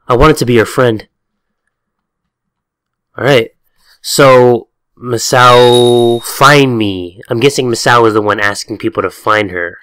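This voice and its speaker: Hosting a let's-play video, a man reads the game's text aloud while joking, swearing, and slipping into silly voices in an animated way. His medium-pitched voice is clear and resonant, delivered slowly with long pauses, on a dry recording.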